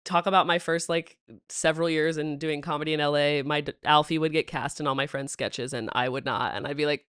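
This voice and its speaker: A woman's voice: sits low, a little fast, clean tone, dry recording, clean studio sound. A young woman hosting a comedy podcast, chatting and telling stories with frequent laughter. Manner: giggly, animated storytelling. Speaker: podcast host. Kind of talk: casual podcast chat. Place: podcast studio. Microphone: studio mic.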